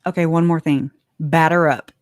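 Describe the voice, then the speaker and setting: A woman's voice: moderate pace, no room sound. Giggly woman with a dry, close sound. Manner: chatty, giggly, voice leaps up high when excited. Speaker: livestream host. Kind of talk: casual livestream commentary.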